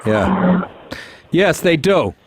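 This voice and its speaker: A man's voice: a little high, sing-song, drawn-out words, a little hiss or hum. A man hosting a radio call-in show, brash and joking, laughing a lot and tripping over his words. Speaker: radio talk show host. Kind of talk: casual call-in talk.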